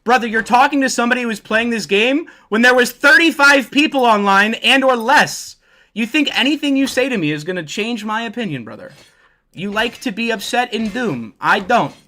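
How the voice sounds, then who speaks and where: A man's voice: extremely high pitch, expressive, moderate pace, bright, forceful tone. A man streaming a game, talking casually to his chat in a brash, swearing, trash-talking way. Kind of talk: casual livestream talk to chat.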